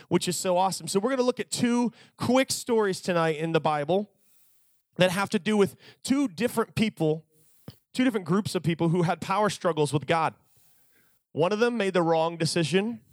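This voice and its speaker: A man preaching a sermon to a youth crowd, telling stories in an animated, joking way. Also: high voice, dry recording.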